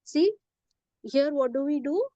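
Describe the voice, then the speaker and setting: High-voiced teacher, dry close sound. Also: female voice, animated, measured pace, dark tone, no room sound, highs cut off. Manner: patient, repetitive, often checks "okay?" and slips into Hindi. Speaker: English grammar teacher. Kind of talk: classroom lesson.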